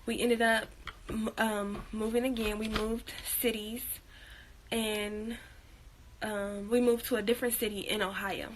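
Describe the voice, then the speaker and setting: Chatty high-voiced young woman vlogger. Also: little pitch movement, measured pace, a little hiss or hum, rough recording. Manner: chatty, laughs often, many fillers. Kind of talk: casual chat.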